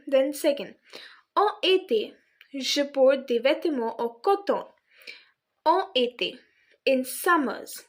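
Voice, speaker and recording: A woman teaching a French lesson to beginners, patiently repeating words and spelling out endings. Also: sits high. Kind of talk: slow explanatory lesson for beginners.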